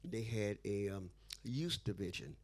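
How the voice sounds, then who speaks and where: A man's voice: on the low side, measured pace, a little mellow. A man being interviewed who tells a story with animation, acting out the dialogue and laughing often. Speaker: interview guest.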